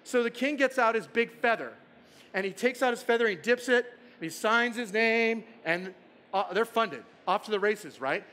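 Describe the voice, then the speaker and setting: A man with a bright, high voice gives a storytelling keynote from a conference stage. He is playful and keeps checking in with the audience through rhetorical questions. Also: animated, normal speed. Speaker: conference speaker.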